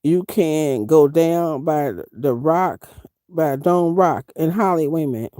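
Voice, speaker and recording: A woman's voice: deep voice, slow pace, dry recording, studio quality. A middle-aged woman live-streaming from inside her van, chatting casually and reading viewer comments aloud. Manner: animated, chatty, reads chat aloud, Southern Black vernacular grammar. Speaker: van-dwelling travel vlogger.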